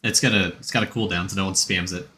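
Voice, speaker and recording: Bright-voiced male game streamer. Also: deep voice, steady tone, quick pace. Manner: rambling, answers chat between game tips. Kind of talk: casual game stream chat.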